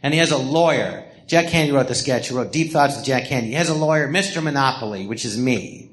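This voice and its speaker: An older man hosts a live podcast in a theatre before an audience, rambling through memoir anecdotes with restarts and acted-out quotes. He talks fast at a medium pitch.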